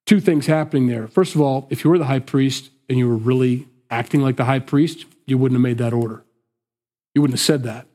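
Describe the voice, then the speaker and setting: A man's voice: mid-range voice, fairly quick, warm tone. A man preaching a conversational sermon, explaining a scripture passage and acting out the people in it. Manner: conversational, acts out quotes. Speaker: pastor. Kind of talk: expository sermon.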